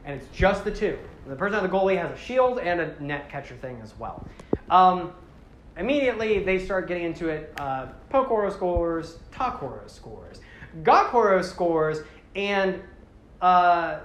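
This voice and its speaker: Animated rambling story recapper. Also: medium pitch, normal speed, reverberant, a little hiss or hum. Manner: animated, rambling with fillers and swearing. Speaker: podcast host.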